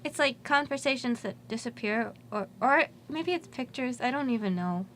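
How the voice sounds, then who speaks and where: A woman's voice: fairly high pitch, expressive, moderate pace, a bit bright, a little hiss or hum. Giggly, rambling woman on air. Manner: giggly, rambling, laughs often. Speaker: musician guest. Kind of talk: casual radio interview chat. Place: college radio studio.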